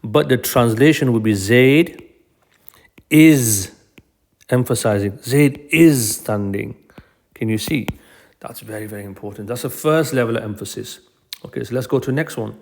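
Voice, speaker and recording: Male teacher, mid-pitched, calm step-by-step explainer for a recorded grammar lesson. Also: fairly quick, gravelly. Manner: patient, explanatory, repeats key phrases.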